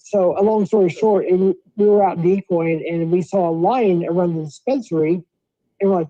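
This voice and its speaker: Guy hosting a stream, high mellow voice, kinda scattered, muffled lo-fi sound. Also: moderate pace. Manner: scattered, interrupts himself. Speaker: stream host. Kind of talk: casual live-stream chat. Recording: dull lo-fi stream audio.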